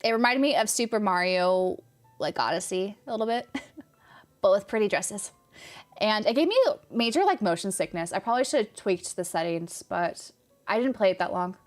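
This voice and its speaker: A woman's voice: mid-range voice, lively intonation, moderate pace, soft background music. A young woman from California with a light Californian accent, chatting casually on a game stream and answering chat with a rambling, laughing manner.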